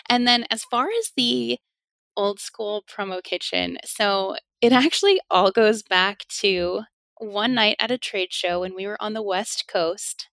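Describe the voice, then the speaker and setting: Animated middle-aged woman chatting on a podcast, keeps laughing, dry close sound. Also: medium pitch, takes it slowly, dry recording. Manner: animated, laughs often, acts out quoted speech. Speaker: podcast guest. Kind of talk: casual storytelling interview.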